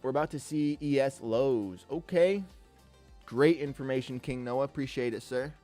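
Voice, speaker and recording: A man's voice: mid-range voice, moderate pace, mellow, soft background music. A man live-streaming his day trades, talking through the charts in a laid-back, upbeat way and greeting chatters as king and brother. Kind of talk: live trading commentary with chat shout-outs.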